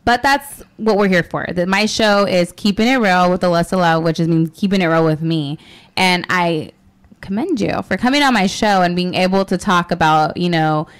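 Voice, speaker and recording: A young woman hosting a radio talk show, chatting casually and fast with a lot of fillers and giggles. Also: lowish voice, smooth.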